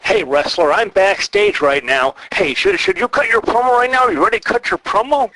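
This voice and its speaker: A man's voice: high voice, animated, a little fast, gravelly, sharp tone, a little hiss or hum, voice pushed up, full character voice, poor audio. A man mimicking a cheesy backstage interviewer. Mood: mocking. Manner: overeager, awkward.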